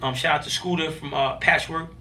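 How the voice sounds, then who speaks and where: A man talking as a podcast guest, telling stories in an animated, emphatic way with street slang. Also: on the high side, brisk, recorded from a distance. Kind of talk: casual interview storytelling.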